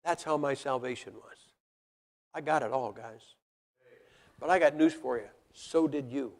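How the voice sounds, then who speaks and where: Gravelly man preaching in a hall. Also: mid-range voice, measured pace, a little mellow. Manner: blunt, folksy, rhetorical questions to the congregation. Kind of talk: sermon. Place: church hall with congregation. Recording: long reverb of a large hall.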